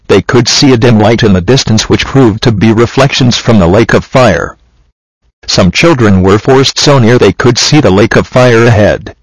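A man reading a religious book aloud in a steady, measured way. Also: lowish voice, no room sound, low-quality recording. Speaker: reader.

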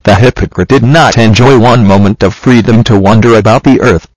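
Male reader of a religious book, measured and steady, lower register. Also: no echo, poor audio. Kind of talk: reading a religious book aloud.

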